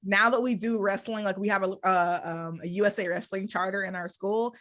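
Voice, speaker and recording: A woman's voice: medium pitch, steady tone, brisk, fairly bright tone. A woman hosting a podcast interview, chatting casually with a candid, self-deprecating humor and frequent laughter. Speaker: podcast host.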